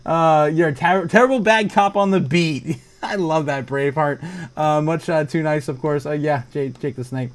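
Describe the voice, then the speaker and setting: A man hosting a casual livestream, reading viewer comments aloud, excitable and laughing often. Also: on the high side, unhurried. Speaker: livestream host.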